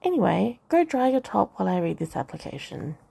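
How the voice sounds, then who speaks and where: Woman reading a blunt, crude best friend, teasing and unbothered, gravelly low-toned voice, husky edge. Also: sing-song, brisk, mellow, exaggerated voice. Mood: teasing, brash.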